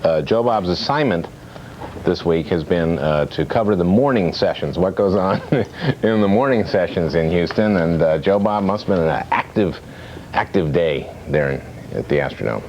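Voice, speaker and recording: Deep-voiced anchorman on hissy old TV tape. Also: lively intonation, a little mellow. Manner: halting, with filler pauses. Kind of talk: introducing a guest. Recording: dull 1990s TV broadcast with faint hiss.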